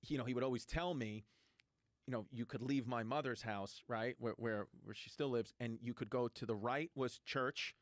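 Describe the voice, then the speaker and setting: A man's voice: medium pitch, normal speed, no echo, clean studio sound. New man telling stories. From New York. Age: 30s. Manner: animated storyteller, acts out quoted voices, swears freely. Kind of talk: casual storytelling chat.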